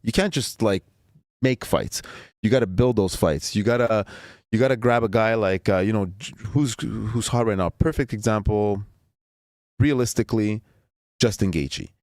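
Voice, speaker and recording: Male host, lowish voice, casual opinionated sports chat, dry. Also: normal speed, a little mellow, dry recording. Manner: rambling, repeats words, opinionated. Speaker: podcast host.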